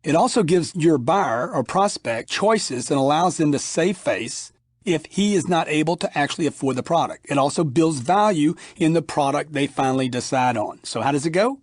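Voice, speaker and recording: A man's voice: fairly high pitch, animated, moderate pace, dry recording. Emphatic man teaching sales, dry studio. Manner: emphatic and punchy, acts out sales dialogues. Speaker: sales trainer reading his audiobook. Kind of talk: instructional audiobook narration.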